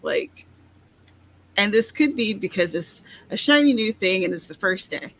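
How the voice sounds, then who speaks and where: A woman's voice: medium pitch, lively intonation, measured pace, fairly bright tone, a little hiss or hum. A woman hosting a casual livestream for writers, chatting, reading out updates and laughing often. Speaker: host, author. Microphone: video call.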